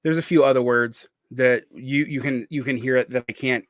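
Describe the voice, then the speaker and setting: A man of about forty from the Southern United States speaks at medium pitch and a moderate pace, his tone steady and the recording free of echo. He has a faint Southern accent and a speech impediment that blurs his r, l and w sounds, and his vlog monologue is casual, rambling and digressive, full of restarts.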